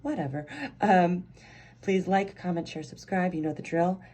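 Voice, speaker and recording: A woman giving a casual pick-a-card tarot reading, chatty and excitable, rambling with lots of fillers. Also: on the low side, moderate pace. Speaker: tarot reader.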